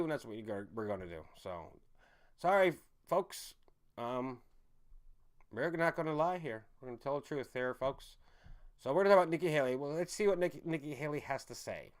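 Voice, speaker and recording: A man hosting a rambling online commentary stream, ranting and often restarting his sentences while talking to his audience. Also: medium pitch. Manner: ranting, with frequent restarts and stumbles; addresses the audience as folks and guys.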